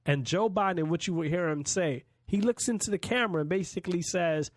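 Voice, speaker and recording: A man hosts his own political podcast with a slightly raised pitch, speaking bluntly and emphatically and swearing when it suits him. His voice sits close and dry on the mic, with no room around it. The talk is a loose, unscripted commentary monologue. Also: expressive, fairly quick, hardly any pauses, no echo. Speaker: podcast host.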